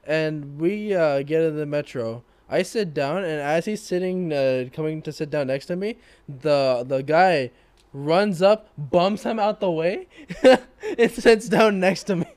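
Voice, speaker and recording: A young man casually telling a story to friends, animated and laughing as he acts out what people said. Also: a little high, measured pace.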